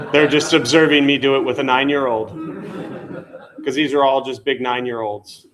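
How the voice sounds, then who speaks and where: A man's voice: medium pitch, fairly bright tone. A male meditation teacher giving an informal dharma talk, conversational, often asking his listeners questions. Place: temple meditation hall.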